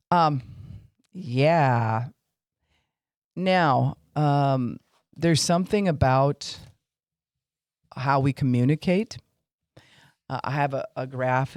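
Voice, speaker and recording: Guy doing a chatty faith teaching podcast, mid-pitch, lots of ums, acts out quotes. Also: darkish tone, dry recording, studio quality. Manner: informal, with fillers, acting out what people say.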